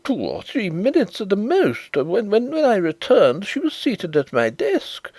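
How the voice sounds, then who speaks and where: A man's voice: huge pitch swings, unhurried, a little mellow, dry recording, heavily acted. A man reading an audiobook, voicing a fretful male bank manager who stammers and frets. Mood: flustered. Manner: agitated, stammering, high-strung.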